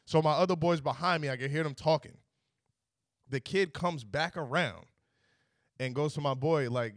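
A man's voice: mid-range voice, normal speed, dry recording, clean studio sound. A young man hosting a podcast, telling a story in casual chat and acting out both sides of the exchange. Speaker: podcast host.

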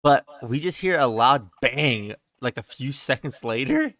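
A man's voice: medium pitch, expressive, a little slow, a bit bright, no echo. Dry, profane young man telling stories. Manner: loose and profane, full of "like" and "he's like". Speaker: podcast co-host. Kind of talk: casual storytelling.

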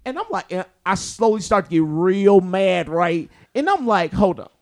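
A man with a high-pitched voice tells a story in casual chat, swearing freely and acting out the people in it. He is a comedian, lively and loose. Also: normal speed. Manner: animated, profane, acts out quotes.

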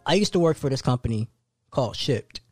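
A male podcast host telling a story in casual chat, animated and laughing, acting out the quotes. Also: medium pitch, brisk, slightly rough, faint music behind.

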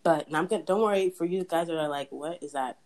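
Young woman host, low voice, chatty faith talk full of laughs and restarts. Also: quick pace, a little mellow, low-quality recording. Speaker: podcast host. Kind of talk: casual faith chat.

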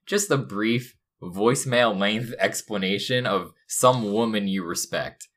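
A man's voice: fairly low pitch, unhurried, fairly bright tone. A young man co-hosting a comedy podcast from a dorm room, talking in a mock-earnest, rambling way. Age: young adult. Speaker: podcast co-host. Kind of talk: casual comedic podcast banter.

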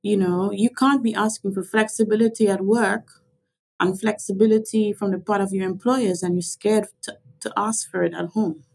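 A woman from Grenada with a mixed Caribbean and English accent, a lawyer, is a guest in a podcast interview, speaking reflectively and emphatically and repeating herself. Her mid-range voice is gravelly, darkish, and slightly rough, with a steady tone and moderate pace, on a low-quality recording.

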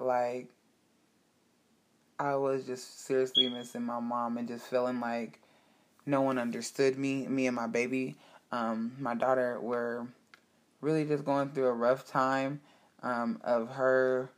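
A woman's voice: extremely low pitch, little pitch movement, unhurried. A woman speaking straight to her audience in a candid personal monologue, heartfelt and emphatic, with frank swearing.

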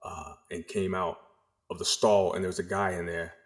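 A middle-aged man from the American South with a faint Southern accent, telling stories in a casual interview, rambling and animated with frequent restarts. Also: low voice, normal speed. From the Carolinas, US South. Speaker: podcast guest.

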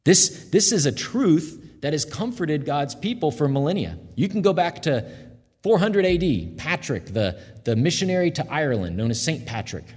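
A man delivers a sermon with a slightly husky, breathy tone, talking earnestly and plainly to his listeners. He slows down and softens when he quotes scripture. His voice carries a long reverb, as if spoken in a large hall. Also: a little high, big pitch swings. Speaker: pastor.

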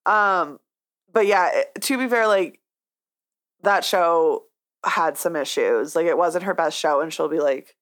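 A woman's voice: fairly low pitch, a little slow, fairly bright tone. A young woman co-hosting a podcast, casually telling stories with the odd giggle. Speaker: podcast co-host. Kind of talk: casual chat.

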